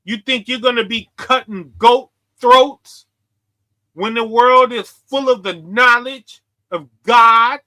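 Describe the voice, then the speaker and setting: A man preaching forcefully to his viewers, confrontational and full of slang. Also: very high voice, takes it slowly. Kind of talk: street preaching livestream.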